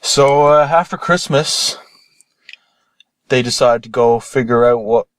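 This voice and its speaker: A young man telling a rambling, deadpan comic parody story. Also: mid-range voice, takes it slowly, dry recording.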